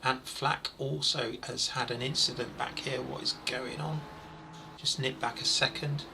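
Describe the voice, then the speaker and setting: A man over forty doing live, chatty commentary on a sim race, excitable when incidents happen. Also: medium pitch, unhurried, gravelly, background noise.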